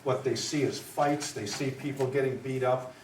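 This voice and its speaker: A man's voice: mid-range voice, fairly even intonation, normal speed. A man teaching trial skills to lawyers in a live lecture, talking in a conversational, emphatic way and checking in with "right?" and "okay?", recorded far off in an echoey room with faint noise. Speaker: trial advocacy instructor.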